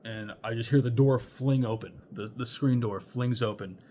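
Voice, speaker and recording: A man's voice: medium pitch, steady tone, normal speed, mellow, a little hiss or hum. A young man telling a chaotic personal story in a loose, rambling way, swearing often and laughing between thoughts. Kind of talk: casual storytime.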